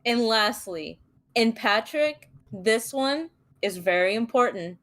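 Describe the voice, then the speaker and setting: Woman, giggly and teasing, lively high voice, slow unhurried talk. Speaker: call-in guest. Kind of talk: casual chat on a livestream.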